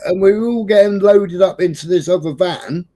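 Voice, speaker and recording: A man's voice: sits high, normal speed. A man from England hosting a livestream, telling a long story in casual chat, swearing constantly and acting out the voices of people in it. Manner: sweary, lively, acts out quoted voices. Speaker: livestream host.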